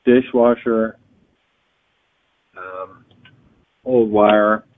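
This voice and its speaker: A man's voice: on the low side, steady tone, drawn-out words. A man on the phone, answering patiently and plainly, often hesitating with fillers. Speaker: call recipient. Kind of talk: phone conversation. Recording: tinny phone line.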